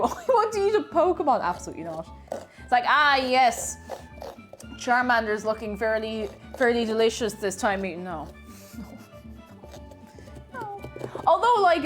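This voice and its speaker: On a live stream, a woman chats casually from her home kitchen as she works, greeting viewers by name and playfully repeating phrases. Her voice sits on the high side.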